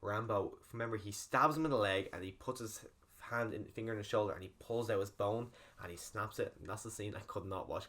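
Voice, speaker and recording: A man's voice: fairly low pitch, fairly bright tone. A man casually recapping a film's plot in a rambling spoiler review, full of fillers. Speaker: film reviewer.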